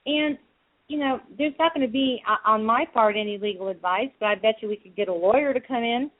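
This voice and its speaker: A woman's voice: a little high, fairly quick. A woman speaking as a guest on a call-in show, earnest and talking in loose runs of thought. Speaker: guest, advocacy group director. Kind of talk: casual call-in chat. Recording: phone-line sound.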